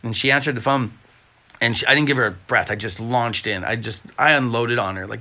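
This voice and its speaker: Earnest man telling a personal story. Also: mid-range voice. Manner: earnest, halting with restarts and fillers. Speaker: guest. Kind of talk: candid conversational storytelling. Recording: dull muffled sound.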